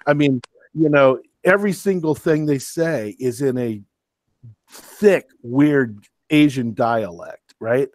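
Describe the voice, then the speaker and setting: A man's voice: medium pitch, takes it slowly, a little mellow, dry recording. A man co-hosting a podcast chat, worked up and ranting emphatically. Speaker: podcast co-host. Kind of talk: casual chat.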